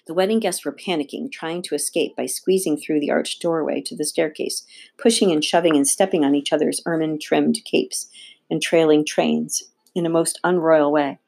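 A woman reading a children's novel aloud with steady, expressive narration. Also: low voice, normal speed, creaky, breathy edge. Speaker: audiobook reader. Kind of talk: read-aloud storybook narration.

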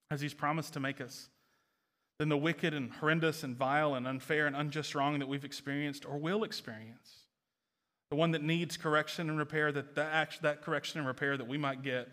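A man preaching a sermon as pastor, earnest and building to impassioned, near-shouted passages. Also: medium pitch.

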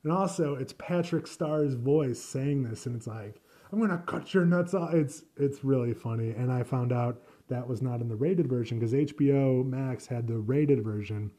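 A man hosts a solo podcast in loose, rambling talk, swearing freely and poking fun at himself. His voice is mellow and slightly husky, sitting at an ordinary middle pitch. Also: moderate pace, hardly any pauses. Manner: rambling, profane, self-deprecating. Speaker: podcast host. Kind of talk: casual solo podcast chat.

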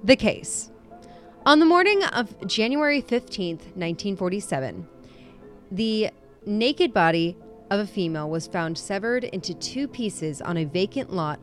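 A woman's voice: fairly low pitch, animated, a little slow, faint music behind. A woman co-hosting a casual true-crime podcast, chatty and self-deprecating, laughing often. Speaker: podcast co-host.

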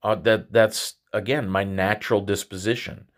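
A man hosting a podcast, talking through a reflective religious monologue in a halting way, often restarting and repeating words. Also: on the low side, fairly even intonation. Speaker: podcast host.

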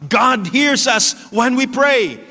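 Man preacher, higher bright voice, earnest and repetitive, long hall reverb. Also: lively intonation, slow pace, gravelly. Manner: repetitive, earnest, dropping low and soft for emphasis. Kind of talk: sermon.

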